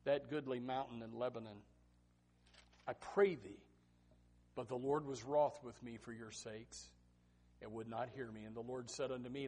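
A man preaching a sermon to students, reading scripture softly and then exhorting loudly, often repeating words as he starts a sentence. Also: medium pitch, moderate pace, breathy edge. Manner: animated, swings between hushed scripture reading and loud exhortation.

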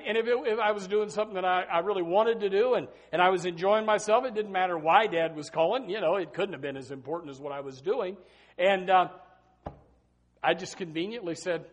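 Middle-aged male pastor with a high-pitched voice, preaching with sudden loud peaks and quiet drops. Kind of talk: sermon.

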